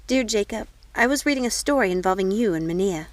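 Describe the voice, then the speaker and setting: Woman doing a bright, caring young princess. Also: mid-range voice, expressive, fast talker, no room sound, natural voice. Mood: warm.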